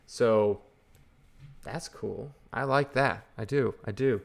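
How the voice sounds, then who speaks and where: A man's voice: medium pitch, takes it slowly, gravelly. A man hosting a comic book channel, ranting in casual, exasperated and sarcastic commentary.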